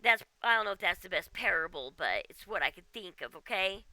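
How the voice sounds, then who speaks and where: A woman's voice: mid-range voice, lively intonation, fairly quick, pushed and bright, no room sound. A woman game streamer ranting casually at home, exasperated and often ending with "okay?". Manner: exasperated, keeps tagging "okay?". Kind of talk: casual livestream rant.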